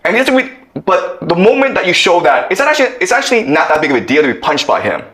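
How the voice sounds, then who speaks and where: A man's voice: sits high, sing-song, fast, fairly bright tone. A man giving a lecture, telling a story and often checking in with okay. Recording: echoey room.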